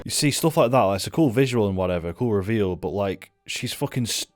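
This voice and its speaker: A man's voice: lowish voice, expressive, fairly quick, soft background music. A young man giving sweary, offhand, sardonic commentary while reviewing a film. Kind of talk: casual reaction commentary.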